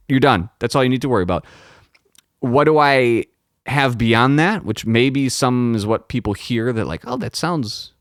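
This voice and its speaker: A man's voice: on the low side, no room sound. A man hosting a podcast, talking casually and profanely about his recording setup into a close studio microphone at home. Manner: rambling, profane, self-interrupting. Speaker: podcast host. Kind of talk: casual solo talk about audio gear. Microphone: close dynamic studio microphone.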